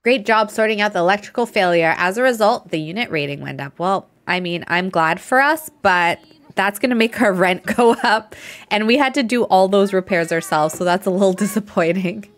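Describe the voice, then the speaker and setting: A woman's voice: mid-range voice, normal speed. A woman giving casual live gameplay commentary, chatty and giggly, talking to the characters on her screen. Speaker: streamer.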